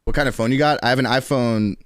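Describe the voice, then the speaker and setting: Twenties new york dude streaming, rambly and profane, mid pitch, dead dry mic. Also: male voice, fast, no echo. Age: 20s. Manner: loose, profane, rambling with frequent laughs. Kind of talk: casual chat with stream chat.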